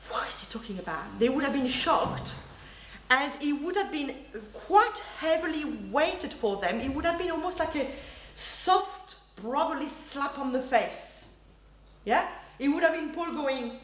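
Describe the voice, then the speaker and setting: Lively woman preaching in an echoey hall. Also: high voice, a little hiss or hum. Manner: lively, animated, acts out quoted reactions, laughs often. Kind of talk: sermon. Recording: roomy hall echo, faint ambience.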